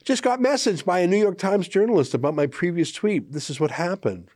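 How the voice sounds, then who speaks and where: Man, opinion commentator, sarcastic, emphatic, fairly high voice, dry recording. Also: animated, a little fast, a little mellow, dry recording. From Canada. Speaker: commentary show host.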